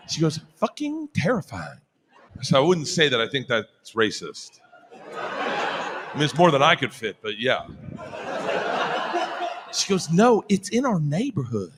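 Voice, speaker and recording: A man telling a stand-up story, laughing as he goes and shouting the punchlines. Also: mid-range voice, a little hiss or hum. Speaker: stand-up comedian.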